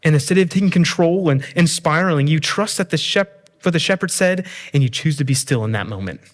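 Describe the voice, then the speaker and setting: A man's voice: fairly high pitch, lively intonation, fairly quick. A man preaching a sermon, earnest, asking the listener questions and painting everyday scenes.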